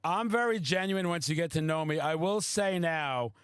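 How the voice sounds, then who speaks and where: Man, high voice, loud excitable storytelling, dry close sound. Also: normal speed, smooth, dry recording. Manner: loud, excitable storyteller who swears a lot. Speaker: podcast host. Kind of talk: casual chat.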